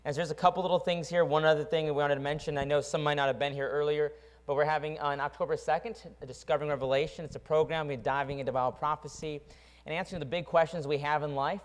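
A man, a pastor, making church announcements and leading a closing prayer in a brisk, upbeat way. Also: a little high, steady tone. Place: church hall. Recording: reverberant church hall.

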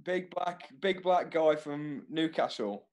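A man's voice: fairly high pitch, slow pace, a little mellow. A man, a comedian on a video call, telling a laid-back childhood anecdote. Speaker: comedian guest. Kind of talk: casual comedy chat.

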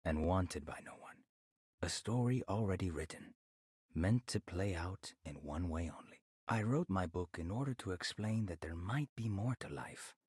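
A man voicing a brooding, weary male author in a game cutscene, speaking in a slow, grave monologue. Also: sits low, animated, darkish tone, slightly rough, no echo, studio quality. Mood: gloomy.

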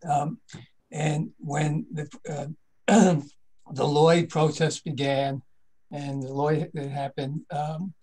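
A man who has been listening speaks up on the panel, halting and careful, with frequent ums and uhs. His voice sits slightly high for a man. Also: darkish tone, rough recording. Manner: hesitant, many ums and uhs. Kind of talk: panel discussion.

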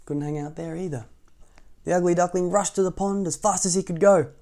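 A man reads a children's picture book aloud at a relaxed, everyday pace. His voice is warm and mellow, and he keeps breaking off the story for gentle asides to young listeners. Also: sits high, brisk. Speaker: storytime reader.

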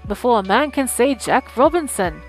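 A woman's voice: lively intonation, moderate pace, soft background music, natural voice. Fezziwig, a woman doing a hearty old merchant. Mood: jovial, booming. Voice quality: rich, jovial, hearty. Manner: booming cheerful shouts. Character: jolly, portly old male merchant.

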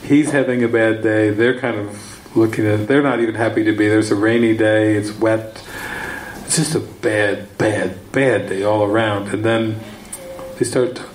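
A man's voice: fairly low pitch, normal speed, echoey room, rough recording. A man, a spiritual teacher, telling a rambling story in a retreat teaching talk, repeating himself as he goes. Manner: rambling, repeating words, breaks into excited shouted quotes. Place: retreat session room.

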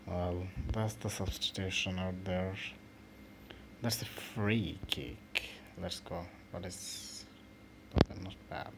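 A man hosting a mobile football game channel, giving casual, excitable commentary with swearing and halting restarts over his own play. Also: low-pitched. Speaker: gaming channel host. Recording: noisy home recording.

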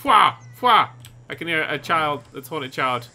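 A man commentating over a video game he is playing, excitable and sarcastic, swearing often. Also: fairly high pitch, moderate pace. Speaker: gaming commentator. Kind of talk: let's play commentary.

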